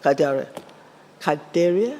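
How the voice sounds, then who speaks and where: Rousing high-voiced Nigerian man in a hall. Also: animated, takes it slowly, mellow. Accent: Nigerian English. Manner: fiery, fires questions at the audience. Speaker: conference speaker. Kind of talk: rousing motivational address. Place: large event hall. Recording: long hall reverb, faint ambience.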